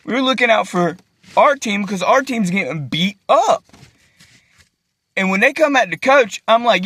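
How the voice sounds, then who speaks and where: A man's voice: high-pitched, expressive, moderate pace, long pauses, sharp tone, husky, no echo. A young man, ranting to his phone camera in an agitated, profane way and repeating himself. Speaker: vlogger. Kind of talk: emotional rant to camera.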